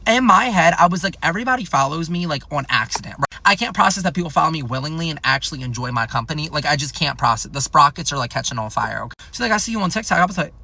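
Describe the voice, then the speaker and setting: A young man in his twenties telling a casual storytime monologue, jokey and animated, swearing often and jumping up into squeals for effect. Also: fast talker, gravelly, hardly any pauses, slight background noise. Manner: animated, jokey, swears a lot, big pitch jumps into squeals. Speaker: TikTok storyteller.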